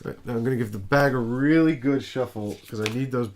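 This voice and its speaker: A man's voice: medium pitch, quick pace, a little hiss or hum. A man hosting a casual board game play-through, thinking aloud and joking as he plays. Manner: thinks aloud while playing, playful. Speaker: board game show host.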